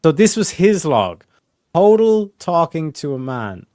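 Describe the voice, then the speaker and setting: A young man casually reading old case transcripts aloud to friends, halting with fillers and swearing. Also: fairly high pitch, big pitch swings, dark tone, no room sound, studio quality. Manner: profane, halting, reads with fillers. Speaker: host reading case files.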